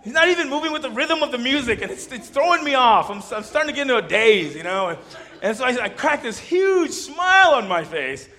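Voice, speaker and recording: Animated male preacher, lively pitch. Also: brisk. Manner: animated, expressive storyteller. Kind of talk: storytelling sermon.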